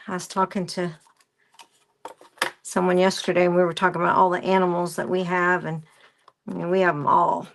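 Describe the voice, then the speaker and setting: A woman's voice: on the low side, little pitch movement, normal speed, creaky, pauses often. A woman presenting a craft live stream, rambling through a story and greeting viewers by name as she works. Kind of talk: casual chat while crafting.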